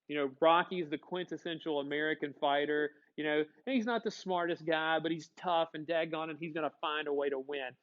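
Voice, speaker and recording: A man's voice: fairly high pitch, fairly quick, hardly any pauses, narrow, tinny audio. A man teaching a history class, chatty and joking, often asking his students questions. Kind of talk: classroom lecture.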